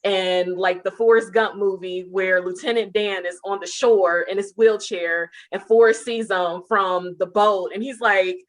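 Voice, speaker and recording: A woman telling how she met her partner in a casual interview, animated and laughing as she goes. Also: mid-range voice, a little slow, few pauses. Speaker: interview guest.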